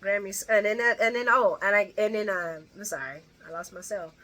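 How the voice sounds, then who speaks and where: Brief: woman host, bright chatty delivery, rambling casual recap with restarts. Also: medium pitch, brisk. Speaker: soap opera recap host.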